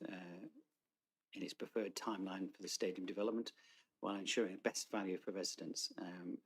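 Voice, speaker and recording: Creaky, husky-voiced man chairing a meeting. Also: sits low. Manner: procedural, reads formal motions with hesitations. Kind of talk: formal council meeting chairing. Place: council meeting room.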